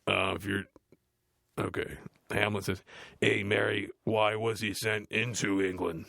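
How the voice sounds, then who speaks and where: Nathan Explosion, gravelly metal frontman. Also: fairly low pitch, measured pace, no echo, clean studio sound, heavily acted. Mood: bored grumbling. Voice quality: gravelly, growly. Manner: deadpan, grumbling, dismissive. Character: dim, gruff heavy metal frontman, adult male, deadpan. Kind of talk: comedic audiobook reading.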